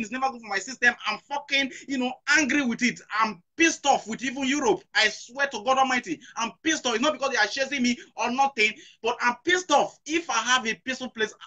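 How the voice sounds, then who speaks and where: A man's voice: extremely high pitch, sharp tone. A middle-aged man with a Nigerian accent hosting a talk show, talking emphatically, repeating his questions and mixing in Pidgin. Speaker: host. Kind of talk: impassioned talk show discussion.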